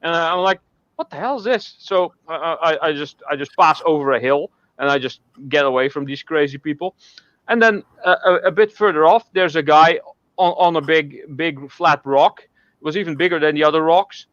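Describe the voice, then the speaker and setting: A man's voice: fairly high pitch, normal speed, fairly bright tone, no room sound, highs cut off. A man telling a long, rambling joke in casual chat, with many halts and restarts. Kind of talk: casual storytelling.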